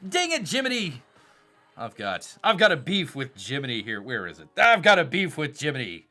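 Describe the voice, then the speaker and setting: A man's voice: a little high, wildly swooping pitch, moderate pace, sharp tone. A man with a Southern accent hosting a casual live stream, rambling, reading viewer chats and calling himself by a nickname in third person. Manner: reads out viewer chat messages.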